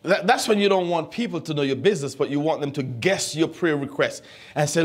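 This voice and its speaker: A man in his twenties preaching a sermon, teaching the Bible with animated, teasing questions to his congregation. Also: a little high, fairly quick, slightly rough. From U.S. Virgin Islands. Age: 20s.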